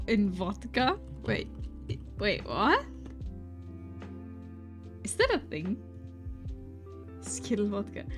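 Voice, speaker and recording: A woman with a German accent, chatting casually on her stream and reading chat aloud, giggly and full of restarts. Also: a little high. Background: faint lofi music.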